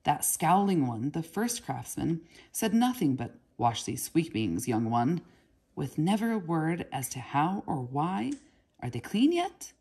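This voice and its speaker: A woman voicing a cheerful, talkative apprentice boy who jokes in old sayings, in a low, gravelly, husky voice. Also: big pitch swings, unhurried, a little mellow, exaggerated voice. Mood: friendly. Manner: friendly, joking, eager questions. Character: cheerful chatty boy apprentice, proverb-loving.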